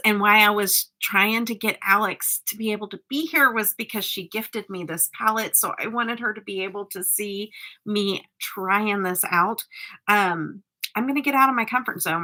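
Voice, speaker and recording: A woman's voice: mid-range voice, sharp tone. A woman chatting casually with live viewers as a makeup vlogger, teasing and laughing often.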